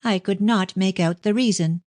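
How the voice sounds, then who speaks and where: A woman's voice: medium pitch, moderate pace, a little mellow, dry recording, voice pushed up, natural voice. A woman voicing a proud, indignant young woman who speaks crossly in a storybook reading. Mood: horrified. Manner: cross, agitated.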